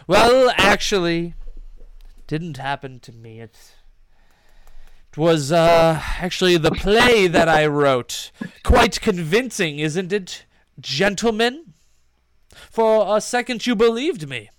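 A vain showman who declaims every line grandly, as a man puts him on. His pitch is raised and lively, and he swoops with loud, theatrical pride. It is a pompous tabletop-game character. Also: slow pace, pauses often, smooth, no room sound. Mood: smug. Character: pompous vain male actor, boastful showman.

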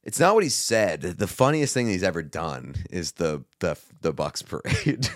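Podcast cohost guy, low voice but bouncy, sarcastic quips. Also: big pitch swings, unhurried, no room sound, studio quality. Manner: wry, sarcastic quips, laughs often. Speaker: podcast co-host. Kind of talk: casual chat.

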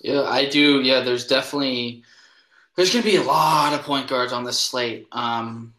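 Bright-voiced man in a roomy space. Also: mid-range voice, moderate pace. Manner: hesitant, many ums, self-correcting. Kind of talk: casual sports chat.

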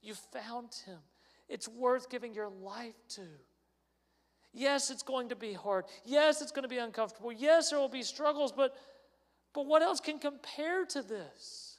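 A man's voice: high-pitched, lively intonation, slow, gravelly, a bit bright, voice pushed up, heavily acted. A man voicing a fisherman's wife who speaks with rising, impassioned fervor. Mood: elated, insistent. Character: excited fisherman's wife, woman, fervent. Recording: long hall reverb.

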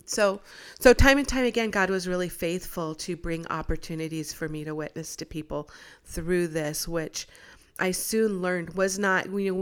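A woman's voice: fairly low pitch, smooth. A middle-aged woman casually telling a personal faith story, acting out what others said. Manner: animated, acts out quoted voices. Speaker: guest sharing a testimony.

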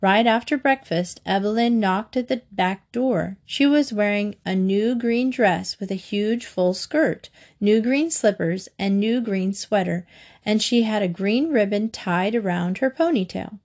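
A woman narrating a children's storybook in a steady, gentle storytelling manner. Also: mid-range voice, a little slow.

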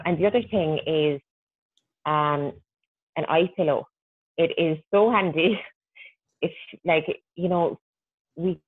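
A woman's voice: low-pitched, no echo. Woman, podcast guest, chatty and practical, over a thin phone line with a dry sound. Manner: chatty, practical, self-deprecating. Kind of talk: casual podcast chat.

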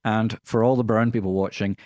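A man's voice: on the low side, fairly even intonation, fairly quick, a little mellow, no echo, clean studio sound. A middle-aged man with a Scottish accent, co-hosting a radio chat in a wry, rambling way with many ums. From Scotland. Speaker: radio co-host.

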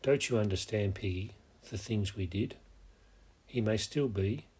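A man voicing a shaken boy leader who speaks low and stricken. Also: a little slow, a little mellow, slightly rough.

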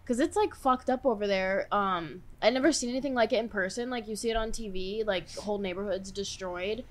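Brief: young female guest, easygoing casual chat, middle pitch. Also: fairly quick. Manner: relaxed, easygoing, filler-heavy.

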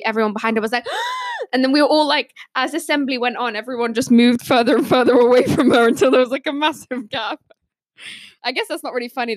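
Giggly young woman, higher voice. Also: no room sound, studio quality. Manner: giggly, laughs often while telling stories. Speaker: podcast panelist. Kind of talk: casual storytelling.

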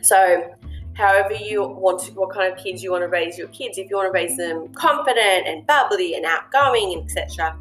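Woman, host, earnest reflective monologue, mid-pitched voice, faint background music. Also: moderate pace, fairly bright tone. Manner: earnest, reflective, lots of fillers. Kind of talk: casual monologue on parenting.

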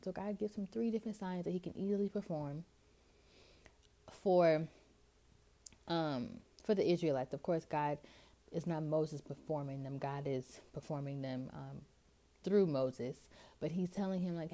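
A woman hosts a podcast, reading scripture and then explaining it in a chatty, informal way. Her voice is low and mellow, and she often pauses on fillers. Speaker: podcast host. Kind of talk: casual scripture reading and commentary.

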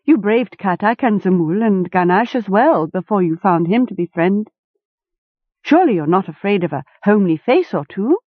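A woman's voice: medium pitch, expressive, moderate pace, slightly rough, no room sound. A woman voicing a small, plucky but nervous young male wayfarer who speaks hastily, over a tinny line. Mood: self-coaxing. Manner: hasty, eager. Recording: tinny phone-like sound.

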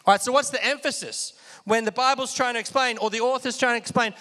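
High bright guy preaching, lively call and response, echoey hall reverb. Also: fast talker. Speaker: pastor. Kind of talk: sermon.

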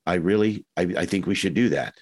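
Animated nasal-voiced man. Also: sits low, fairly quick, slightly rough. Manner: animated, acts out quotes in shifting voices. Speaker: actor guest. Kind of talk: casual interview chat.

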